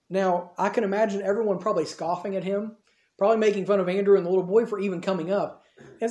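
A man's voice: high-pitched, fairly even intonation, fast talker, mellow. A man preaching a storytelling sermon in a casual, conversational way. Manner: conversational, acts out dialogue in the retelling. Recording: roomy echo.

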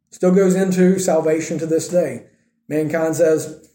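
A man preaches a sermon, and he acts out the quoted speakers in his own voice. His voice sits high and sounds mellow. The room around him is echoey. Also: steady tone, a little slow. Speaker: pastor.

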